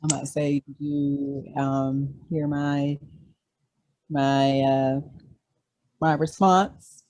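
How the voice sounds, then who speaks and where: A man's voice: mid-range voice, little pitch movement, takes it slowly, darkish tone, poor audio. A young man, a guest who hosts his own podcast, chatting in a laid-back, easygoing way. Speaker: guest, fellow podcast host. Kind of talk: casual interview chat.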